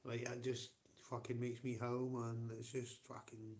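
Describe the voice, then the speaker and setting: A man's voice: medium pitch, flat delivery, a little slow, darkish tone, a little hiss or hum. A man with a Scottish accent hosting a livestream and chatting casually with viewers. He swears constantly, rambles and often breaks into laughter. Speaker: livestream host.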